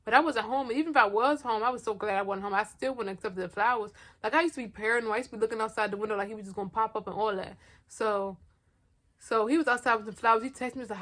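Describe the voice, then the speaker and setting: A young woman rattles through a personal storytime at a rapid clip, slangy and animated, talking right to her viewers. Her voice sits a little high. She sounds like she's recorded at home on a camera mic. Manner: animated, talks fast, heavy slang, addresses viewers directly. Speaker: vlogger. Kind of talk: casual storytime.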